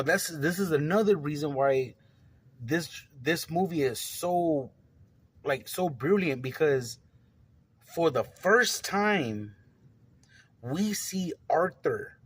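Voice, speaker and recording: Male film reviewer, casual and unscripted, slightly high voice, slow, rambling delivery. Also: fairly bright tone, breathy edge, rough recording. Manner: rambling, many fillers and restarts, laughs often, swears. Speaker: movie reviewer.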